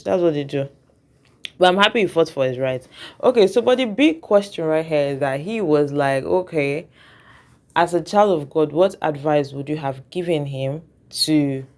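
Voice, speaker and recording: Chatty commentator, mid-pitched voice. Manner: reflective, chatty, keeps checking in with the viewer. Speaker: reaction vlogger. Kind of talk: casual commentary.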